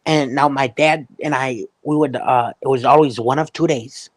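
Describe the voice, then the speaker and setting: A man's voice: medium pitch, fairly even intonation, normal speed, no room sound. A man in casual chat, telling a family anecdote in a playful way.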